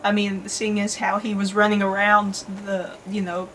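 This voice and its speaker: A woman co-host in a casual chat, talking in a relaxed, rambling way with fillers and laughs. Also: mid-range voice, normal speed, a little hiss or hum, low-quality recording.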